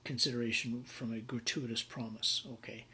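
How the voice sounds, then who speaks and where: A man's voice: medium pitch, level tone, moderate pace, bright, forceful tone, a little hiss or hum. A man giving a conversational university lecture on contracts, with many fillers and acted-out examples. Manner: conversational with frequent fillers and role-played examples.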